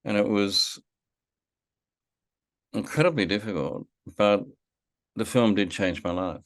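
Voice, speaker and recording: Deep-voiced man telling a story. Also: measured pace, dry recording. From Australia. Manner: reflective, with frequent fillers and restarts. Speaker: filmmaker guest. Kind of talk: storytelling in a podcast interview.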